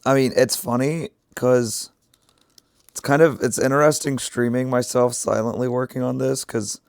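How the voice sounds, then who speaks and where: Low croaky guy with a sick voice rambling to his stream while crafting, dry close sound. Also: steady tone, normal speed, no echo. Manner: rambling, thinking aloud while working. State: sick, rough voice. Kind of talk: casual livestream chat while crafting.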